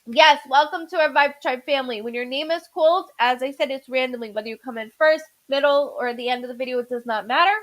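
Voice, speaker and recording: A woman's voice: sits high, quick pace, few pauses, fairly bright tone, poor audio. A woman hosting a live psychic-reading stream from home, chatty and repeating viewers' names, stumbling over her words now and then. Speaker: psychic medium host.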